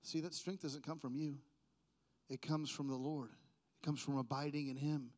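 A man preaching a sermon, swinging from quiet talk to loud, drawn-out proclaiming, with playful jokes to the congregation. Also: fairly high pitch, fairly even intonation.

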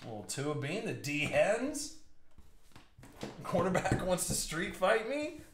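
An upbeat man hosts a live trading card break, bantering with viewers and riffing on each pull. His voice sits a little high and swings animatedly up and down. He is recorded in an echoey room with a faint hiss behind him. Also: sing-song, slow. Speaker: box break host.

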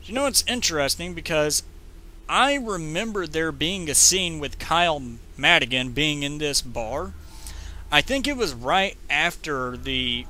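A man giving rambling, jokey gameplay commentary, talking fast when he gets excited. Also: fairly high pitch, a little hiss or hum. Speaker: let's play commentator.

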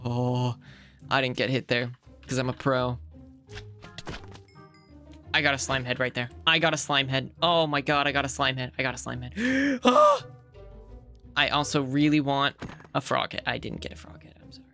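A woman's voice: very deep voice, level tone, moderate pace, pauses often, a bit bright. A woman hosting a gaming channel, giving casual, playful commentary as she plays and talks to herself and her viewers. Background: faint background music.

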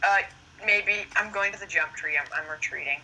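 Calm gamer on a noisy call. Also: medium pitch, moderate pace. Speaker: gaming friend on a voice call. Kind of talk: casual chat over a call. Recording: noisy internet call audio.

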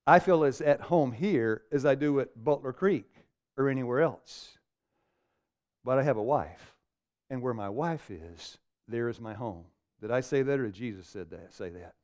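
A man's voice: mid-range voice, expressive, measured pace, a little mellow. A middle-aged man preaching a seminar sermon to a live audience, firing questions at them and calling for amens. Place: meeting room with a live audience.

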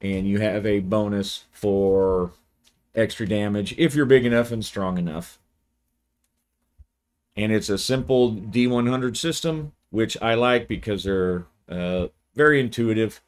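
A man, hosting his channel and giving a relaxed, rambling video review. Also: on the low side, unhurried, clean tone. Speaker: channel host, game reviewer.

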